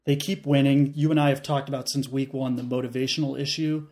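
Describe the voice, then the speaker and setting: A man co-hosting a casual sports podcast, riffing with deadpan jokes. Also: medium pitch, fairly quick. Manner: jokey, deadpan riffs. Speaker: podcast co-host.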